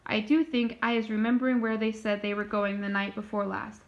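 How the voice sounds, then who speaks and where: A woman voicing a big, friendly old male giant who talks slowly with mangled grammar, reading a children's storybook aloud. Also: mid-range voice, level tone, natural voice. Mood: folksy. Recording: dull lo-fi recording.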